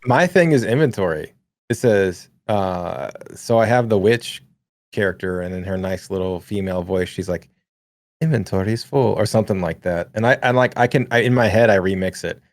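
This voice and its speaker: A man co-hosting a gaming podcast in a relaxed, rambling way, laughing easily and reading chat aloud. His voice sits fairly low and comes through dry and close, with no room sound. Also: normal speed, no room sound. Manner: laid-back, laughs often, many fillers; reads chat messages aloud. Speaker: podcast co-host.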